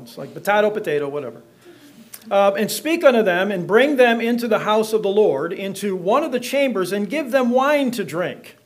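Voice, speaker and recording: A middle-aged man preaching in church, reading scripture and joking with the congregation in a folksy way. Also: sits high. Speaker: pastor.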